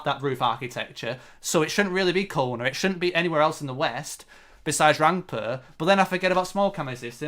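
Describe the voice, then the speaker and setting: A man gives live-streamed commentary on his own competitive match, sounding frustrated and self-critical. His voice is a little high and a bit bright.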